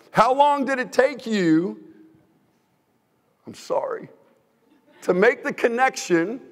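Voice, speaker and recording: Gravelly high-voiced joking preacher. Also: male voice, long reverb tail. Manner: joking, teasing, energetic. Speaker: guest preacher. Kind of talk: humorous sermon. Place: church sanctuary.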